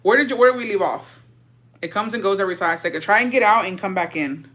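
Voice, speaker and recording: A young woman live-streaming from her phone with headphones, telling a blunt, profane and animated story in casual storytime. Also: mid-range voice, fast talker.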